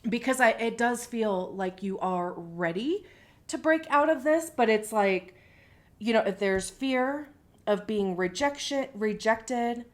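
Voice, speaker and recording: Slow, reflective woman tarot reader. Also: fairly high pitch. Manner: reflective, searching for words, frequent "like" and "right?". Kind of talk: casual tarot reading to camera.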